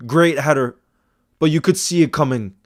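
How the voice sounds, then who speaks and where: A man reacting live to a football match as a fan-channel host, exasperated and ranting, repeating himself, and swinging from loud outbursts to low muttering. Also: moderate pace. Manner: repeats himself, stammering restarts.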